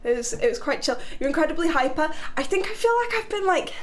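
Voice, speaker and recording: Young woman from Britain, high voice, chatty, giggly, live-stream chat. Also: expressive, fast talker, slight background noise.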